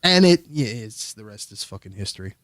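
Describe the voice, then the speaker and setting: Animated, foul-mouthed man telling a story. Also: lowish voice, a little fast, no room sound, studio quality. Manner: rambling, profane, animated storyteller. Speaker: streamer guest. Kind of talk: casual storytelling on a livestream.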